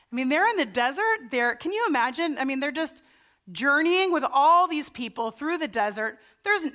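Woman pastor, slightly high voice, chatty sermon delivery that acts out voices. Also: pushed and bright. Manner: conversational storytelling, acts out the Israelites' panicked voices.

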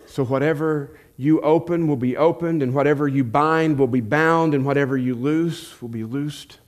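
A man voicing Jesus as a calm, authoritative teacher, speaking low and slow in a sermon retelling. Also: close to an everyday voice. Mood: solemn.

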